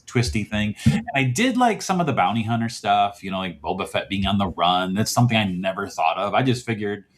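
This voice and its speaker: This podcast guest speaks briskly and expressively in a lowish male voice. His chat wanders casually, punctuated by frequent chuckles and self-mockery.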